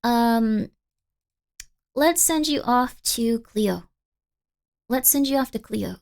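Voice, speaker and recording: A woman's voice: on the high side, slow, vocal fry, darkish tone. A woman streamer chatting casually at the end of a live stream, sleepy and tired, rambling and repeating herself with slightly slurred words.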